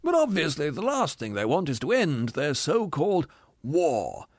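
Picture a hard-bitten ghost, bitter and cynical, who rants with a high, sharply swinging voice that keeps leaping up in scorn, as a man puts him on. The sound is close and dry, with no room around it. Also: wildly swooping pitch, moderate pace, dry recording. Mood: ranting. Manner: sneering, scornful, ranting complaints.

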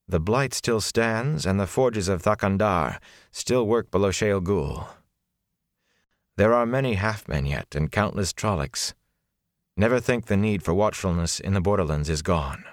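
Stern sorceress lady, man reading her, low flat measured tone, dry close mic. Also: dry recording. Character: calm stern woman sorceress, commanding. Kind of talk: audiobook character voice.

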